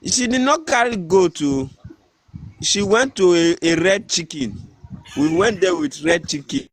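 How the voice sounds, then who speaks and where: A man's voice: high-pitched, expressive, measured pace, a crowd in the background. A man with a Nigerian accent telling a story casually, hesitant and earnest, restarting his sentences often. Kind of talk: casual storytelling in pidgin-tinged English.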